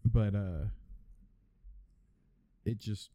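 A man's voice: on the low side, very slow, mellow, no echo, lo-fi sound. A young man co-hosting a casual podcast chat, rambling through gaming memories with many hesitations. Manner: rambling, hesitant, restarts stories with many uhs. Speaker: podcast co-host.

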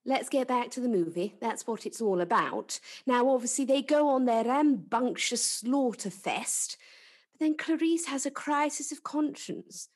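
A woman's voice: fairly high pitch, slightly rough. A woman playing a gushing, playful interviewer in a mock film interview sketch.

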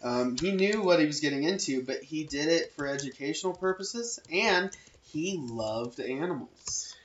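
A man's voice: fairly high pitch, animated, normal speed, a little hiss or hum. A man co-hosting a casual podcast, talking in an earnest, easygoing way. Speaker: podcast co-host. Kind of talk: casual chat. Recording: echoey room, lo-fi sound.

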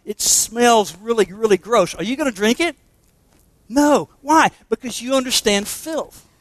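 A pastor preaching a sermon to confirmation students, emphatic and asking rhetorical questions. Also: male voice, very high voice, a little slow, no room sound.

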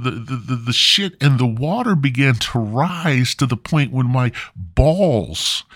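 A man with a low voice tells a crude, profane comic story as a podcast host. He rambles and exaggerates as he talks. The recording is dry, with no room sound. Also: a bit bright, dry recording.

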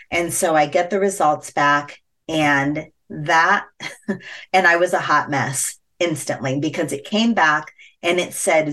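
A woman telling a personal story as a podcast guest, animated and chatty, laughing often and using many fillers. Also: sits low. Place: podcast interview.

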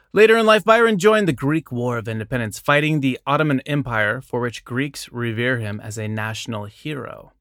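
A man's voice: medium pitch, fairly bright tone, no room sound, studio quality. A man reading short biographies and quotes aloud, breaking off now and then for casual asides and small self-corrections.

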